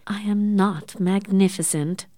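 A woman reading the part of a shy, timid young woman who speaks softly and hesitantly. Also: mid-range voice, fairly even intonation, measured pace, no echo, clean studio sound, close to an everyday voice.

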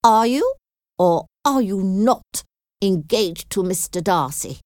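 A woman's voice: mid-range voice, animated, takes it slowly, a little mellow, no room sound, clean studio sound, pitched above the performer's own voice. A woman reading aloud voices a haughty, aggressive old aristocratic lady who speaks in a commanding, hostile way.

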